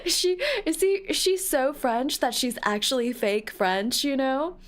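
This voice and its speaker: A playful woman streamer who talks unhurriedly with her viewers, giggling and teasing as she reads out comments. Her voice sits a little high. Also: animated, a little slow. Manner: playful, giggly, teasing, reading chat aloud. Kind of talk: casual live-stream chat while playing a game.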